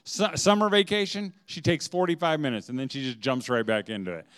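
Animated, smooth-voiced man telling funny stories. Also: fairly high pitch, a little fast. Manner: animated storytelling, laughs often, big swings in loudness. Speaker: speaker addressing mothers. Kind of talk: humorous talk to a live audience. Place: room with an audience.

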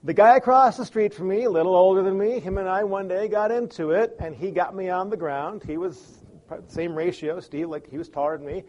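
A man from Chicago giving an animated motivational talk on communication, acting out examples with big swings in pace and loudness. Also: high-pitched, a little fast. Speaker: speaker on communication.

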